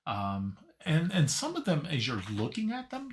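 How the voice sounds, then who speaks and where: A man narrating a tabletop game as game master, halting and searching for his words. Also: fairly high pitch, huge pitch swings.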